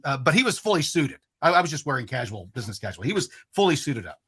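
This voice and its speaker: A man's voice: medium pitch, big pitch swings, fast, fairly bright tone, breathy edge. A man who is a podcast guest, telling a long story in casual chat. He swears freely and often stops and restarts his sentences. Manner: rambling, profane, frequent restarts.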